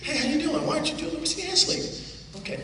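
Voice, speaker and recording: A man's voice: very high-pitched, quick pace, background noise. A male stage hypnotist giving repetitive, playful commands to volunteers during a live show. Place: theater stage before a live audience. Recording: echoey hall from far off with crowd.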